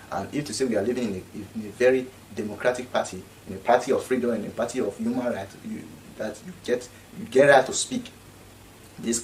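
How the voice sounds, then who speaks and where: A man's voice: lowish voice, far from the mic, slight background noise, poor audio. A man speaking Nigerian Pidgin English, giving an indignant, repetitive casual commentary. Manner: indignant, repeats himself.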